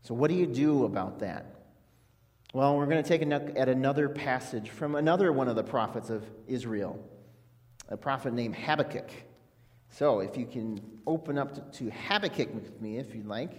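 A man's voice: mid-range voice, normal speed. A man preaching an earnest, conversational sermon as a pastor, with frequent restarts. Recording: long hall reverb.

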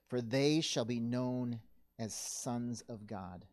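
A male pastor delivering a sermon in an earnest, measured way, sometimes correcting himself mid-sentence. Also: medium pitch, darkish tone. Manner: earnest, measured preaching with occasional self-corrections.

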